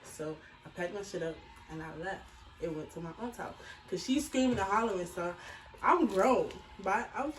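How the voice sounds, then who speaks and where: A woman in her twenties with a medium pitch and moderate pace tells a personal story casually. She's blunt and animated, swearing all the way through, captured by a distant mic in an echoey room with faint hiss.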